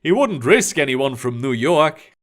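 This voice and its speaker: A man's voice: medium pitch, sing-song, a little slow, a bit bright, pitched below the performer's own voice. A man voicing a smug, mocking villain mage. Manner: casual, mocking.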